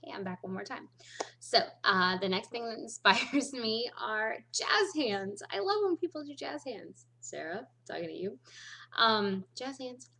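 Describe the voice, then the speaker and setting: A woman's voice: fairly high pitch, sing-song, unhurried, gravelly, sharp tone. A woman in her thirties chatting casually to camera in a bubbly, talkative way, often laughing. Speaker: vlogger.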